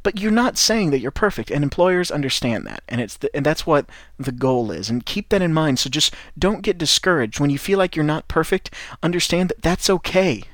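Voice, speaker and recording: A man's voice: on the high side, lively intonation, brisk, few pauses, no echo. Midwestern American male language teacher, encouraging pep-talk delivery, casual restarts, dry booth sound. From United States. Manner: encouraging, rambling, with frequent restarts. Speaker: English teacher and podcast host. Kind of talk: podcast lesson for French learners.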